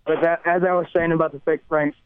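A man's voice: fairly high pitch, little pitch movement, fast, clean tone. A young man from Tennessee with a Southern accent, calling in to a show and talking in a laid-back, rambling way. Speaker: phone-in caller, YouTube prankster. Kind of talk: casual phone call. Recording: tinny phone line.

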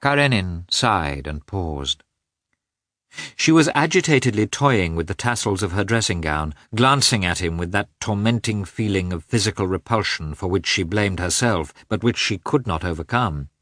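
A male audiobook narrator with a very deep, low voice, reading a classic novel in a steady, measured manner. The sound is close and dry, with no room echo at all.

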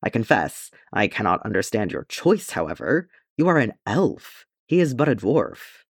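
A steady male ranger king, read by a man in an audiobook talks calmly and thoughtfully with a dry wit. The pitch moves about a lot. The sound is close and dry. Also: moderate pace, breathy edge, dry recording, full character voice. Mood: wry. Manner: calm and thoughtful. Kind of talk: audiobook character reading.

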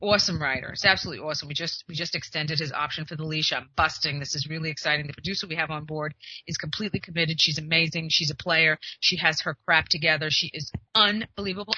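A woman's voice: low-pitched, fast, pushed and bright, dry recording, dull audio. A woman who works as a literary agent and hosts a show, giving chatty, emphatic advice and acting out the conversations she describes. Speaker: literary agent and podcast host. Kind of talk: casual advice monologue.

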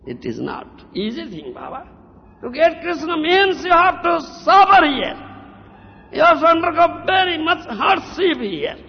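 A spiritual teacher delivers a devotional lecture in a very high, sing-song, slightly slow and creaky voice. He scolds his listeners, mocks a disciple's excuses in a put-on voice, and keeps asking "huh?" between points, captured on dull old tape in a reverberant hall.

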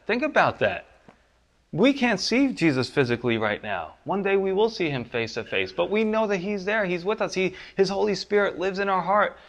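A pastor preaching a sermon, his voice climbing high and loud for the pleas and dropping low and soft on the promises. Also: expressive, moderate pace, vocal fry.

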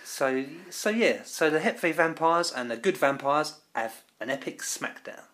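Low-voiced woman with a lively, swooping delivery. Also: a little slow. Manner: playful, giggly, reacts with short interjections. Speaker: podcast co-host. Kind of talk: casual TV episode recap chat.

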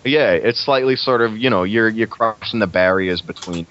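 A man's voice: on the low side, moderate pace, fairly bright tone. A young man chatting casually on a podcast about playing a role, rambling with many restarts. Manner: rambling, frequent restarts and laughs. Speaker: guest actor. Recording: lo-fi muffled recording.

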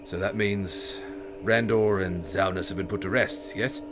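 A man's voice: low voice, fairly even intonation, unhurried, over music. A man voicing a weary, sighing noble knight. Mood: solemn. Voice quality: sighing, gentle and solemn. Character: weary noble knight, soft-spoken and sad.

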